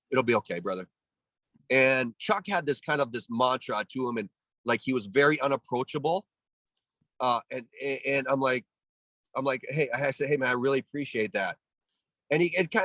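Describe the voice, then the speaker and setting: A man's voice: medium pitch, dry recording. A Canadian man in his forties, a former pro athlete, telling a story in an interview with lots of restarts and acted-out quotes. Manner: animated storyteller, acts out voices, many restarts. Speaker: guest, former pro baseball player.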